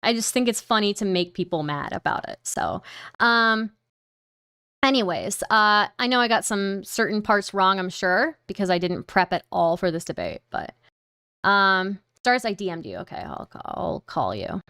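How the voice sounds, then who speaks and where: Smooth-voiced woman streamer chatting casually. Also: medium pitch, big pitch swings, normal speed, bright, forceful tone, no echo, studio quality. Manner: rambling, swears, laughs often, reads donations aloud. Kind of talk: casual livestream chat.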